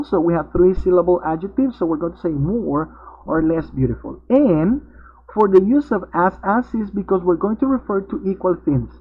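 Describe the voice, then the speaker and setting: A man's voice: high voice, slightly rough. A male English teacher, patiently explaining grammar step by step in an online class. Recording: tinny narrowband video-call audio.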